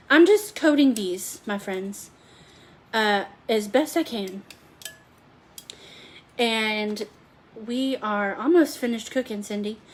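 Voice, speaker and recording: A woman's voice: fairly high pitch, a little hiss or hum. A woman hosting a chatty live cooking stream from her home kitchen, rambling and talking to viewers by name. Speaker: home cooking livestream host.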